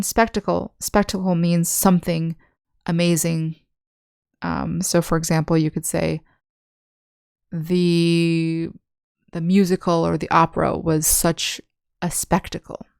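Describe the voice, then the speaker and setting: A young woman walks learners through vocabulary, one example at a time. Her voice sits a little low, smooth and resonant, with a touch of fry. The sound is close and dry, with no room around it. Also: little pitch movement, a little mellow, no room sound. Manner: patient, explains slowly with examples. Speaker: English teacher. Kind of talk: online language lesson.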